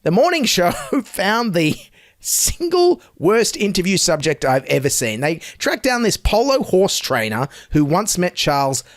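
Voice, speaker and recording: A man's voice: high-pitched, huge pitch swings, a little slow, dry recording, studio quality. A man with an Australian accent giving sarcastic, mocking satirical commentary as a podcast host.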